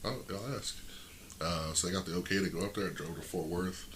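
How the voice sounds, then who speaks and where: A man's voice: deep voice, little pitch movement, fast talker. A man telling long, profane stories as a podcast guest, rambling and often laughing. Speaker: podcast guest, pro wrestler. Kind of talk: casual storytelling chat. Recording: noisy background.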